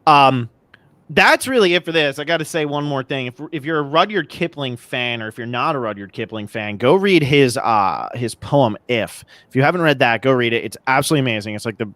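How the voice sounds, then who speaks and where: A man's voice: medium pitch, expressive, a little fast, fairly bright tone, dry recording. A man co-hosting a casual podcast chat, talking enthusiastically and joking as he gushes about his favorites. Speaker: podcast co-host.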